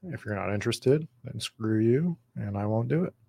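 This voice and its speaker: A podcast host with an expressive, mid-range voice that's creaky, darkish, breathy, and slightly worn talks at a moderate pace. He rambles chattily in casual live drafting commentary, answering viewer comments, with no room sound.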